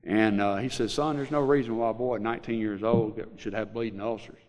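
A middle-aged man with a Southern US accent, telling a personal recovery story to a group in a halting, rambling way, full of fillers. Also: on the low side, steady tone, a little mellow. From Mississippi Delta, USA. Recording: long hall reverb.

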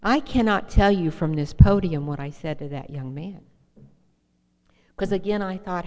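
A woman's voice: fairly low pitch, animated, moderate pace, darkish tone. A woman giving an emotional, earnest personal testimony from a podium at a meeting. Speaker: speaker sharing her recovery story at a meeting. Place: hall with a podium. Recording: long hall reverb.

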